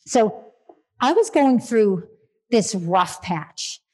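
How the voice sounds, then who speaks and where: A woman's voice: medium pitch, sing-song, drawn-out words, darkish tone. Earnest middle-aged woman telling a story. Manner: earnest, repeats phrases for emphasis, small restarts. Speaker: speaker sharing a reflection. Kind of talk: heartfelt personal storytelling.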